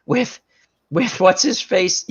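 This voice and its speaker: A man's voice: sits high, expressive, slow, fairly bright tone, slightly rough. A man hosting a casual chat show, telling rambling movie stories and often groping for names. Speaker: show host. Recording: dull lo-fi sound.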